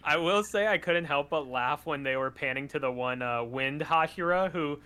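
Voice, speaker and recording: A man with a bright, forward voice and a slightly high pitch, rambling through a casual podcast chat. He gets animated and laughs often as he talks. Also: moderate pace, clear, resonant tone. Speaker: podcast co-host. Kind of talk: casual chat, film review.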